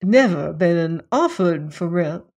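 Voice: mid-range voice, lively intonation, slow pace, darkish tone. A narrator voicing a proud, pompous male real estate agent who speaks in grand, flowery phrases, read as a character in an audiobook. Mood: boastful.

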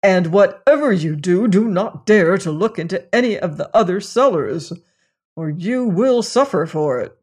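Storyteller doing a stern fairy-tale master, slow and loud, threatening — storybook reading. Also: mid-range voice, expressive, slightly rough. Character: stern, harsh male master, grown man.

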